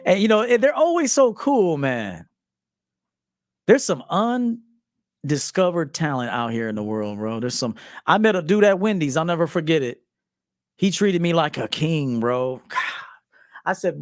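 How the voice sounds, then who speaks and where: Profane, animated man in his forties. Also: on the high side, unhurried, pauses often, dry recording, studio quality. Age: 40s. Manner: profane, animated storytelling with acted quotes and laughs. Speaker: men's life coach. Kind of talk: casual monologue to camera.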